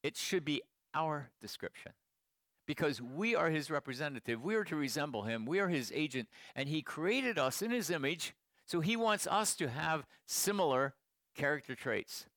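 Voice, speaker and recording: Middle-aged pastor preaching, dry sound. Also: male voice, on the high side, big pitch swings, moderate pace, no echo. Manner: storytelling, swings from hushed asides to emphatic proclamation. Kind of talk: sermon.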